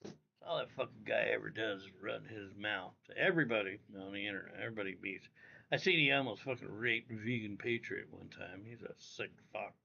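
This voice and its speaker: A man's voice: lowish voice, fairly quick, creaky, pushed and bright, a little hiss or hum. A man hosting a casual livestream, rambling and cursing freely as he talks straight to his viewers from home. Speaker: livestream host. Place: indoors at home. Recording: dull lo-fi audio.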